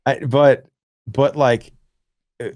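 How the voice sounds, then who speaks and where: A man's voice: medium pitch, slow, no room sound. Rambling, profane man on a podcast. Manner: rambling, profane, animated storytelling. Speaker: podcast co-host. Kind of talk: casual gaming podcast chat.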